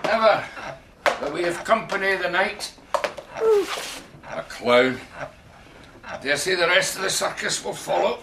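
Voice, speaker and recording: A sardonic Scottish shepherd with a dry tongue. His voice sits fairly high. Clear noise runs under the outdoor film sound. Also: lively intonation, a little slow, long pauses, heavily acted. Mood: wry. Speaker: actor.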